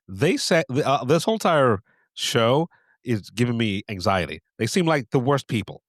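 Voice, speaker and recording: A man co-hosting a podcast, chatting casually with short, relaxed replies. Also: medium pitch, unhurried, dry recording, clean studio sound. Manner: laid-back, brief agreeing replies. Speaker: podcast co-host. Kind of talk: casual chat.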